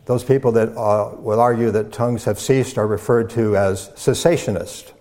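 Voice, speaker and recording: A man, a pastor, delivering a teaching sermon in a measured way, with fillers and repeated words as he builds his points. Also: on the low side, steady tone, dark tone. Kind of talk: sermon lecture.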